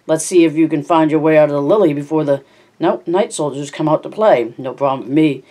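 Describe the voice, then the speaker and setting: A hobby audiobook reader voicing a small, spiteful, mocking elf man with a high, taunting voice. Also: fairly quick, mellow, close to an everyday voice. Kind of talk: audiobook character voice.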